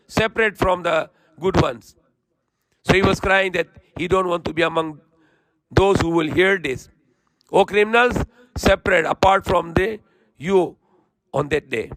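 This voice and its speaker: Male religious teacher, quick recitation with a high, bright voice; dry, close recording. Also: dry recording. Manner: recites verses quickly, then explains in slow plain English. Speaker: Islamic teacher. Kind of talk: Quran lesson with recitation and translation.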